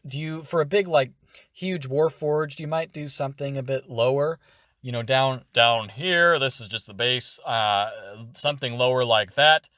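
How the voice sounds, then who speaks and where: A man teaching voice acting in a relaxed, explanatory way, with frequent fillers. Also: medium pitch, no room sound. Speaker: voice acting tutor. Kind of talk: casual tutorial.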